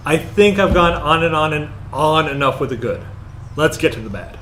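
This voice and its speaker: Rambling male movie reviewer, slightly high voice. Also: moderate pace. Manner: rambling, hesitant with many fillers, grows animated. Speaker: podcast co-host. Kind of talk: casual movie review chat.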